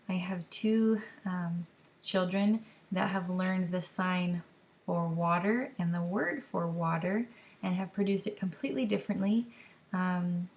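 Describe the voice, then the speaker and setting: A woman who is a mother calmly explains how to teach signs to babies, modelling words and sounds gently as she goes. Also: lowish voice, vocal fry. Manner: slow, careful explaining with gentle demonstrations. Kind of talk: instructional talk to camera.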